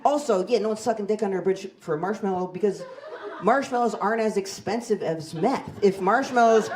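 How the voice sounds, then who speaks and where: A woman's voice: mid-range voice, a little fast, darkish tone, a little hiss or hum. A woman in her forties doing a stand-up comedy set on a club stage, telling stories in a wry, self-deprecating, conversational way into a handheld mic. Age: 40s.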